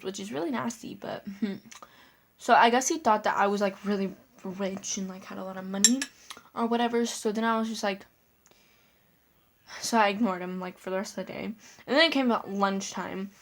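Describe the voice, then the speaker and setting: A woman's voice: medium pitch, brisk, gravelly. Chatty girl telling a story. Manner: chatty, lots of "like" fillers, giggly asides. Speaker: vlogger. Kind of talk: casual story time.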